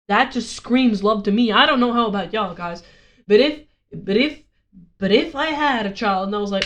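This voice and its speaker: A woman's voice: a little high, animated, normal speed, highs cut off. A woman vlogger ranting casually, rambling and sarcastic, swearing often.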